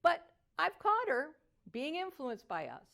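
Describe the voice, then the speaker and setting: Lively older woman voice coach. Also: sits high, measured pace, creaky. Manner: animated, sings phrases to demonstrate melody. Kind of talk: motivational teaching talk.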